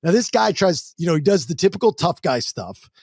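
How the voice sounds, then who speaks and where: A man's voice: high-pitched, big pitch swings, fairly quick, husky, no room sound, studio quality. A man hosting a casual podcast, telling stories bluntly and acting out other people's lines in mock voices. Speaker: podcast host. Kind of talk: casual chat.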